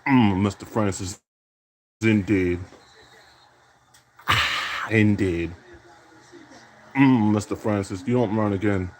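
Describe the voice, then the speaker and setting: Speaking slowly and pausing often in a lowish, steady voice, a man calls his own plays in a basketball video game. He ribs his opponent with a string of repeated catchphrases, especially "indeed."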